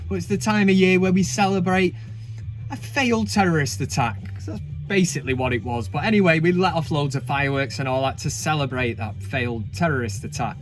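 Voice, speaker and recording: A man runs a casual, jokey countdown, full of cheeky asides and freely dropped swear words. His voice sits a little on the high side for a man. Faint music plays softly behind him. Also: brisk. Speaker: host. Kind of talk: casual comedic countdown commentary.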